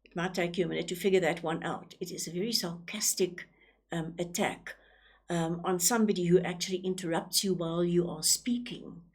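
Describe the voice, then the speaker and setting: A woman's voice: lowish voice, fairly even intonation, fairly quick, breathy edge. Woman teacher explaining with many ums. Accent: South African English. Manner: frequent ums and repeated words, asks rhetorical questions. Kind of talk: recorded lesson explanation.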